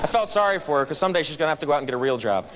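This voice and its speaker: A man's voice: a little high, racing, crowd noise. A middle-aged man giving a storytelling speech at a club meeting, acting out the people in his story. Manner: animated, acts out quoted voices. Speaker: guest speaker at a club meeting. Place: meeting room.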